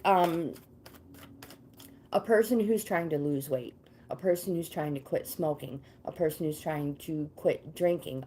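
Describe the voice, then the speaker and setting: A woman's voice: on the low side, a little mellow, slight background noise. A woman hosting a casual livestream, greeting viewers by name and reading tarot cards in a chatty, easily sidetracked way. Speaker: livestream host and tarot card reader.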